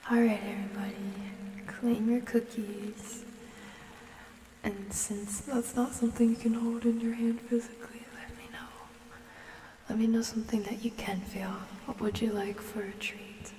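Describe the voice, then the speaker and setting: A woman streamer hosting a cozy ASMR chat, talking to viewers softly and often in a whisper, unhurried. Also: a little high, sing-song, reverberant, big-room sound, distant mic, slight background noise.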